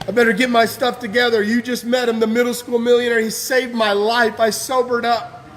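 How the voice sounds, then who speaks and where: High-voiced man giving fervent testimony. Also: flat delivery, fairly quick, fairly bright tone. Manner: fervent, emotional, casual slang. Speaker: guest speaker. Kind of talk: impassioned personal testimony speech.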